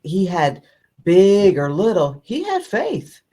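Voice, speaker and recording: A woman's voice: lowish voice, wildly swooping pitch, slow pace, dark tone. A woman co-hosting a faith podcast, speaking thoughtfully in a musing, casual way. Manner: thoughtful, musing, many fillers. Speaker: podcast co-host.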